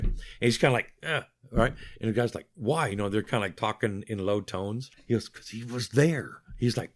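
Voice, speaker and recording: A man's voice: on the low side, fairly quick. An older man, a guest in an interview, telling stories with wry humor and acting out what other people said. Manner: lively anecdotal, acts out voices of others. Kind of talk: interview storytelling.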